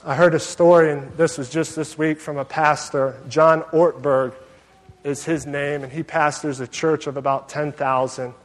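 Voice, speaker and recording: A man preaching a sermon as pastor, telling a story with lively acted-out asides and self-mocking humor. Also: on the high side, moderate pace, in a large hall.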